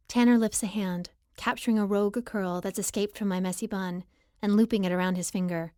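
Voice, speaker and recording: A woman reading a first-person romance novel aloud as audiobook narrator, in a lively, expressive style. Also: mid-range voice, fairly quick, no room sound, studio quality.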